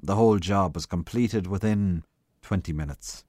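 A man giving a slow, measured literary reading of a short story. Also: low voice, dark tone, dry recording, clean studio sound. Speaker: reader.

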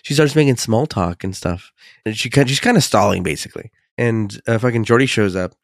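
A man co-hosting a podcast, recapping an episode in animated, profane casual chat. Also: mid-range voice, fairly quick, no room sound, studio quality. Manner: profane, animated storytelling with restarts. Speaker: podcast co-host.

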